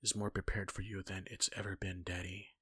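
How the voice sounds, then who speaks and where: Eager young woman in love voiced by a male reader, husky and breathy with a bright edge. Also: deep voice, little pitch movement, a little fast, dry recording, studio quality, heavily acted. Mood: insistent.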